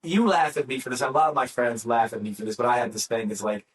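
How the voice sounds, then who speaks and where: A man's voice: mid-range voice, steady tone, quick pace. A man co-hosting a podcast in casual conversation, talking in loose, rambling sentences full of fillers and restarts. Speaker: podcast co-host.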